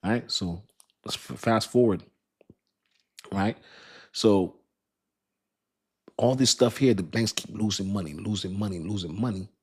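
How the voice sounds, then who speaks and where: A man with a fairly low voice talks straight to his viewers about crypto markets. He rambles in a loose, slangy way, restarts his sentences and laughs often. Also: unhurried, long pauses, darkish tone, breathy edge. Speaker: crypto video host. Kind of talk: casual talk to camera.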